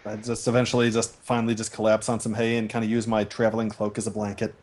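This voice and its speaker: A man's voice: lowish voice, monotone, fast talker, darkish tone. Casual man playing a tabletop game. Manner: casual, hedging with fillers. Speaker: player. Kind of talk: casual chat.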